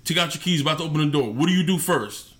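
A man's voice: fairly high pitch, very fast. A man in casual late-night podcast talk, telling stories and acting out little scenes with plenty of swearing. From New York. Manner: animated storytelling, profane, acts out bits. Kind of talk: casual chat.

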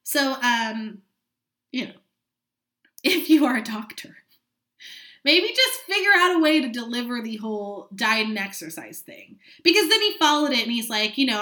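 Venting on her solo podcast, a late-twenties host from California talks frankly, swears a lot, and throws in dramatic asides. Her slightly high voice is very animated, pushed and bright, at normal speed, in an echoey room.

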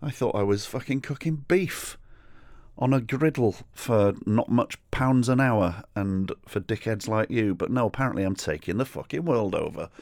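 A man putting on a young male kebab cook, voice jumping high in disbelief, exasperated and flustered, lively swoops, spoken close and dry. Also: moderate pace, no echo. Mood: incredulous. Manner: incredulous, exasperated.

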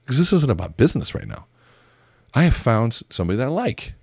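A man teaching a method for conversation, telling lively stories and acting out both sides of his exchanges. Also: medium pitch, quick pace, breathy edge, no echo, studio quality. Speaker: communication coach. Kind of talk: teaching talk with acted-out examples.

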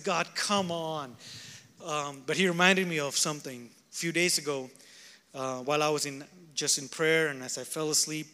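Male pastor, high bright voice, fervent sermon delivery, echoey hall. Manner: fervent, swings from shouting to quiet prayerful tones. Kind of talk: sermon at a revival gathering.

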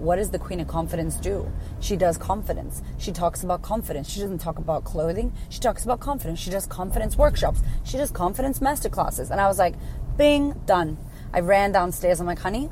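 A woman's voice: on the low side, a little hiss or hum. Blunt, sweary woman life coach. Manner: blunt, sweary, animated storytelling. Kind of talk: casual storytelling to camera.

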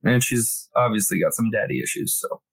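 A man co-hosting a book podcast in casual chat, reacting quickly and laughing often, recorded in a small closet. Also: fairly low pitch, slightly rough. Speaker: podcast co-host.

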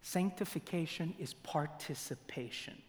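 A man preaching a sermon in a church, asking rhetorical questions and swinging between loud emphasis and near-whispers. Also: on the high side. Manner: slow, deliberate delivery with rhetorical questions. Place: church sanctuary. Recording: long church reverb.

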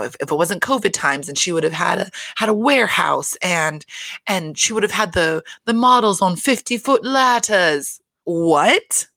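A woman giving a casual solo recap of a reality show, rambling and expressive, swearing freely and laughing often. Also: lowish voice, gravelly, dry recording, clean studio sound.

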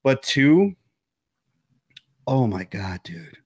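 A man co-hosting a casual film podcast from home, telling the story with lively acted-out reactions and frequent swearing. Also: mid-range voice, drawn-out words, breathy edge. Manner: animated storyteller, swears freely, acts out reactions. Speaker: podcast co-host. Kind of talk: casual movie-discussion chat. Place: home, recording remotely.

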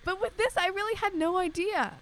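A woman's voice: extremely high pitch, fairly quick, a bit bright. A young woman co-hosting a podcast, rambling animatedly in casual chat with lots of filler words. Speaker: podcast co-host.

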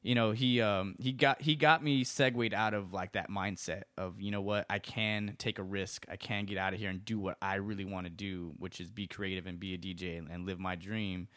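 Low-voiced man telling his story. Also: fairly even intonation, a little fast, hardly any pauses, a bit bright, dry recording, clean studio sound. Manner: loose storytelling with many fillers and restarts. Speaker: executive director of a DJ school, guest. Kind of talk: casual podcast conversation.

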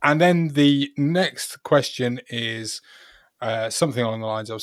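A man's voice: mid-range voice, dry recording, studio quality. A man, co-hosting a casual football podcast, chatty and given to long explanations. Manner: chatty, laughs often, drawn-out explanations. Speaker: podcast co-host.

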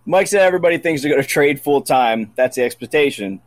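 A man's voice: fairly high pitch, animated, fast, dry recording. A man co-hosting a podcast in casual chat, laid-back and matter-of-fact. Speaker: podcast co-host.

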